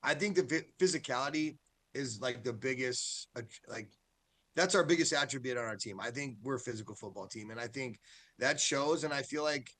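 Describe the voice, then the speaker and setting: A man, a high school football coach, talking candidly and loosely in a casual interview, often checking in with "right?". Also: fairly quick, fairly bright tone.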